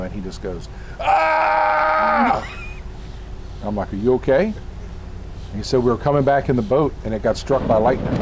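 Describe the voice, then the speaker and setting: A man's voice: fairly low pitch, warm tone, low-quality recording. A man, a commercial fisherman who runs a dock, telling a story in an interview. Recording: faint background noise.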